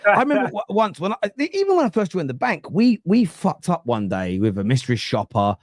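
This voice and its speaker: A man in his thirties from East London, with a London accent, telling animated stories and swearing freely on a casual football podcast. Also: high voice, brisk, no room sound, clean studio sound. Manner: animated storyteller, swears freely, acts out quotes. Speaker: podcast host.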